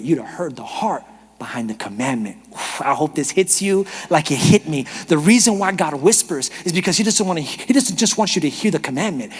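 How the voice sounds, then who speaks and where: Animated high-voiced pastor preaching. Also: male voice, husky. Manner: animated, humorous storytelling, shifts from shouting to whispering. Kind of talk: sermon. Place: church auditorium. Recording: reverberant church hall.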